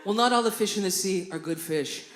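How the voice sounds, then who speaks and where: A middle-aged woman performing a stand-up comedy set on a theatre stage, telling stories with sudden loud, high-pitched outbursts. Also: a little fast, roomy sound, slight background noise. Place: theatre stage before a live audience.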